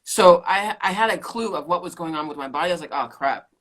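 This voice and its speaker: A middle-aged woman, a keto coach and podcast guest, telling her story in an animated way, laughing often and acting out quotes. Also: lowish voice, quick pace. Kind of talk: casual interview chat.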